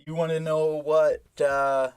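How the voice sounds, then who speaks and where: A man's voice: a little high, flat delivery, unhurried, a little mellow, clean tone, no room sound, clean studio sound. A Western Canadian man co-hosting a casual game stream, full of teasing, jokey banter. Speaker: livestream co-host. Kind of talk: casual gaming stream chat.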